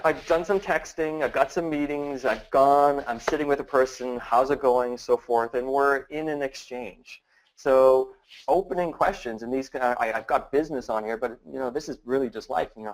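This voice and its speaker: A man's voice: mid-range voice, moderate pace, rough recording. A man giving a casual training talk on prospecting, acting out sample questions in a shifting, curious tone. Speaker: business trainer.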